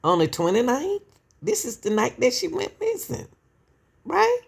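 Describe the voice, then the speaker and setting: Speaking directly to viewers as a true-crime commentary host, this woman has a slightly high, sing-song voice that's gravelly and husky at a normal speed. She addresses them as "y'all," asks plenty of rhetorical questions, and sounds emotional yet casual.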